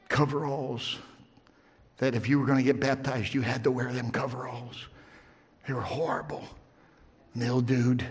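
A man preaching a sermon as pastor, telling a story in hushed tones and then rising to fervent, shouted encouragement. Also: mid-range voice, in a large hall. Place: church sanctuary.

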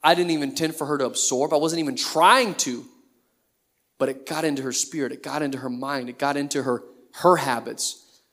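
A man's voice: mid-range voice, brisk, a bit bright. A man in his thirties, a pastor preaching a sermon in a conversational way, full of rhetorical questions.

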